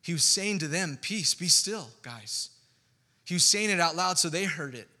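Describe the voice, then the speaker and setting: A man preaching a sermon as pastor, in a conversational, animated way with asides to the congregation. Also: on the high side, moderate pace, long reverb tail.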